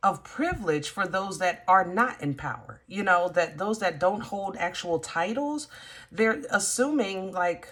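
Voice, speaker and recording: A woman's voice: medium pitch, sing-song, a little slow, a bit bright. Chatty woman giving a tarot reading. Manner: chatty, emphatic, with many fillers. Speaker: tarot reader. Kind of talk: casual tarot reading to camera.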